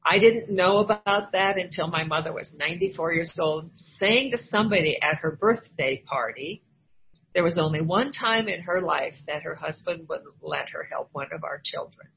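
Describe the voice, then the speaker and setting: A woman's voice: low-pitched, normal speed, vocal fry, slight background noise. Older woman sharing her recovery story at a meeting, candid, acts out the voices she quotes, muffled lo-fi recording. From Iowa, US. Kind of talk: personal testimony at a recovery meeting. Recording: dull lo-fi recording, faint ambience.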